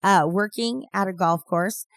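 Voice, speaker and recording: A woman's voice: medium pitch, a little slow, dry recording. A woman in her fifties co-hosting a podcast, chatting casually and rambling through stories. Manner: rambling, storytelling, laughs often. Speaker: podcast co-host. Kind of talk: casual chat.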